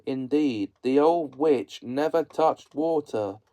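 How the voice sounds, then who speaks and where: A man reading a classic children's story aloud as narrator, in slow, measured storytelling. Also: mid-range voice, dark tone, rough recording. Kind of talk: audiobook-style reading.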